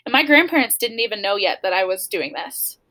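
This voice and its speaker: A woman's voice: medium pitch, big pitch swings, fairly quick, bright, forceful tone, low-quality recording. A young adult woman, a podcast guest, telling a personal story in a candid way, with lots of "like" fillers.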